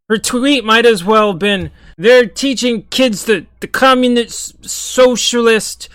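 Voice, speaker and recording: A man's voice: high-pitched, fairly bright tone, no echo. A young man giving a sarcastic, profane, exasperated running commentary as an online commentator. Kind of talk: ranting commentary.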